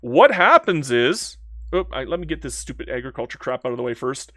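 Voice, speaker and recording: A man doing live commentary on a strategy game, playful and excitable, talking to in-game nations and reading chat aloud. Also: medium pitch, fairly quick, dry recording, studio quality. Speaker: game streamer.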